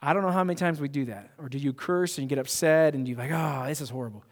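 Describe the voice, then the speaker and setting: A man's voice: on the high side, fast. Man preaching in an echoing hall. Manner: emphatic, conversational preaching with frequent restarts. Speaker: pastor. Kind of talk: sermon. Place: church sanctuary.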